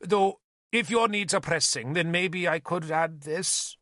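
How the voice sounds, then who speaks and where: Shrill bishop, hysterical, melodramatic, high pleading wail, dry close sound. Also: male voice, a little slow, bright, forceful tone, dry recording. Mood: wheedling. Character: shrill, hysterical, self-pitying old bishop.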